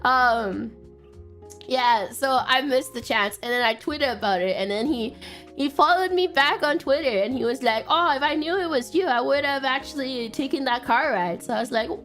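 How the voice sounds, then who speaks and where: High-voiced young woman streamer. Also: moderate pace, soft background music. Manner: animated, laughs and shrieks when excited; frequent fillers like "like" and "um". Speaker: VTuber streamer. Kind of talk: casual storytelling stream.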